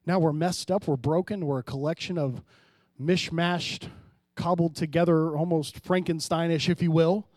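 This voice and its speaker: A man pastor preaching a sermon, swinging between hushed, low passages and loud, emphatic rises, often calling out to the congregation. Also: fairly even intonation, normal speed, hardly any pauses, dry recording, studio quality. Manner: preaching with sudden drops to quiet and loud rises, calls to the congregation.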